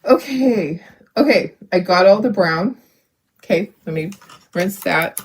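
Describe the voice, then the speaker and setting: A woman's voice: mid-range voice, lively intonation, a little slow, breathy edge. A middle-aged woman hosting a craft video, chatting casually and rambling as she paints, laughing often and talking to her viewers. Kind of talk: casual chat while painting.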